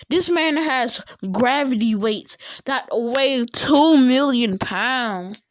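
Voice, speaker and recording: A woman's voice: sits high, fairly bright tone, no room sound. A woman casually telling a fan-fiction story in a rambling, slangy way, with many fillers and restarts.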